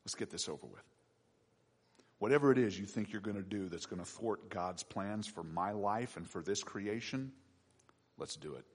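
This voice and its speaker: A man voicing Jesus in a sermon retelling, speaking low, quiet and steady. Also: normal speed, slightly rough, big-room sound. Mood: resolute. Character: calm resolute Jesus facing his betrayer.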